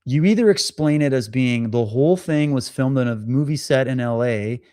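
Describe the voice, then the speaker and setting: A man hosting a live stream talks casually and with animation, stumbling and repeating words as he acts out conversations. His voice sits in a middle pitch and sounds dry and close, with no room echo. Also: normal speed, dark tone. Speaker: livestream host. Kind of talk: casual storytelling monologue.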